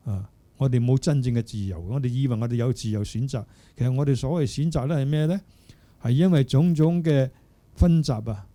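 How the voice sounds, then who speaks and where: An older man, a Buddhist monk, giving a dharma talk in an unhurried way, pausing to search for words and checking in with the listeners. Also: medium pitch, dark tone. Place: Buddhist centre hall.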